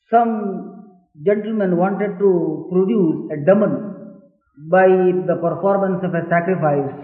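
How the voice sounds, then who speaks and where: Man lecturing and chanting in an echoey hall. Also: high-pitched. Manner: patient, deliberate explanation, breaking into slow Vedic chant. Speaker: spiritual teacher. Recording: echoey hall on a tinny, phone-like archival recording.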